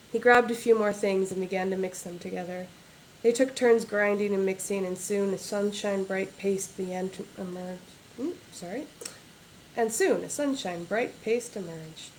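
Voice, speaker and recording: A woman's voice: medium pitch, a little hiss or hum, low-quality recording. A woman author reading aloud from her own novel at a livestreamed book launch, in a plain reading voice without character voices or accents.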